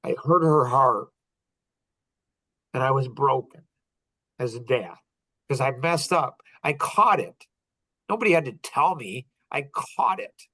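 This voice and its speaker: A man's voice: medium pitch, lively intonation, measured pace, pauses often, bright, forceful tone, dry recording. A middle-aged man hosting a podcast, telling a personal story in an earnest, heartfelt way, often restarting his sentences. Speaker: podcast host.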